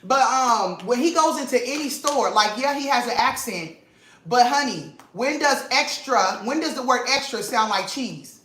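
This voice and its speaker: A woman vlog host, telling an animated, emphatic story to her viewers and repeating lines for effect, at home in her kitchen. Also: fairly high pitch, moderate pace. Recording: roomy echo with faint noise.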